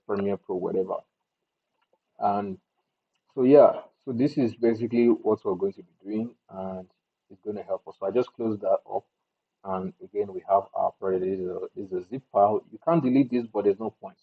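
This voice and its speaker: A man with a low, gravelly and husky voice talks through an editing tutorial in a relaxed way. He thinks aloud and restarts his sentences as he goes. The sound is thin and tinny, like a phone line. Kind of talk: casual screen-recorded tutorial.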